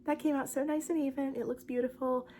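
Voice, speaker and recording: A woman's voice: sits high, steady tone, fast talker, dark tone, slight background noise. A young woman talking casually about her crochet project, chatty and rambling, with lots of fillers. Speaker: crochet vlogger. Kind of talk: casual craft vlog chat.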